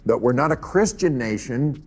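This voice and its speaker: A man's voice: medium pitch, lively intonation, moderate pace, darkish tone, slightly rough, soft background music. A man hosting a talk show, chatting casually with fillers and wry asides. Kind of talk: casual chat.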